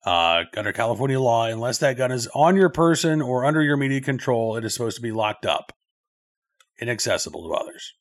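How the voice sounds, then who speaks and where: A man hosting a news commentary show, talking things through in a loose, conversational way with frequent filler pauses. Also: medium pitch, very animated.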